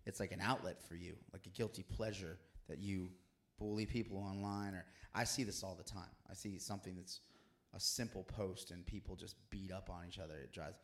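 A man co-hosting a casual church chat, an animated and playful storyteller. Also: low voice, brisk. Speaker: co-host.

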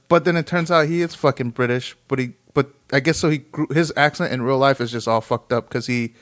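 A man's voice: mid-range voice, fairly quick, few pauses, fairly bright tone. A man in his thirties chatting casually and rambling, swearing often and breaking into laughter.

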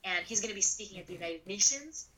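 A woman in her twenties telling a personal story in an interview, animated and full of "like", acting out the voices of people in her story. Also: medium pitch, quick pace, a little hiss or hum, poor audio. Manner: animated, acts out voices in quotes; filler-heavy, frequent "like". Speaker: guest.

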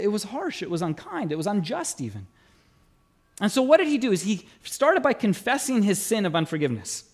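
A middle-aged man preaches a sermon, his voice sitting high and swinging widely as he tells a story. He acts out the dialogue with animated shifts, playing every part himself. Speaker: pastor.

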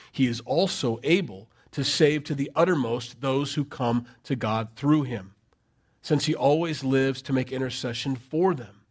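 A middle-aged man preaching a sermon, conversational and emphatic, with rhetorical questions. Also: on the high side. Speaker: pastor.

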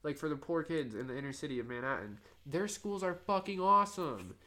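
A man's voice: fairly high pitch, lively intonation, fairly quick, pushed and bright. A young man co-hosting a casual podcast chat, telling rambling, profane stories and laughing often. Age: young adult. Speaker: podcast co-host.

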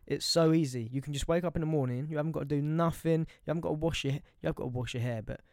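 A man's voice: on the high side, fairly even intonation, very fast, darkish tone, no echo, studio quality. A young man, bantering bluntly and swearing freely as a podcast co-host. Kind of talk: casual chat.

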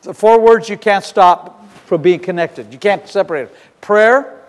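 A man's voice: sits high, unhurried. A male pastor preaching a sermon in a church, fervent and emphatic, often repeating and restarting his phrases. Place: church sanctuary. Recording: long reverb of a large hall.

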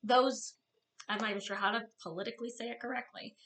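High, bright-voiced blunt woman co-host. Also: steady tone, fast. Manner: blunt, exasperated, restarts sentences. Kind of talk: casual political chat.

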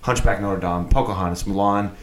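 A man's voice: deep voice, fairly even intonation, quick pace. A man in casual chat, ranting with strong opinions and mocking impressions. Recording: echoey room.

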